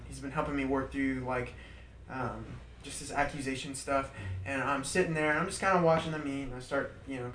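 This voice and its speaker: A man leading a small group Bible study in an informal, animated way, repeating points for emphasis and laughing through his stories. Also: mid-range voice. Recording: roomy, distant mic with faint background noise.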